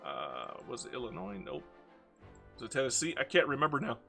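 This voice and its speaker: A man's voice: mid-range voice, huge pitch swings, a little fast, over music. A man with a regional American accent giving casual, chatty gameplay commentary, exclaiming at the game and poking fun at himself. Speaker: video game streamer.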